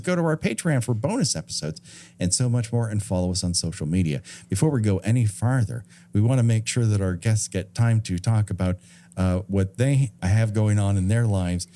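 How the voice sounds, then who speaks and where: A man's voice: on the low side, warm tone. A man hosting a podcast, announcing a ranked list and then wrapping up the episode. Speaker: podcast host. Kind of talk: podcast wrap-up and list rundown.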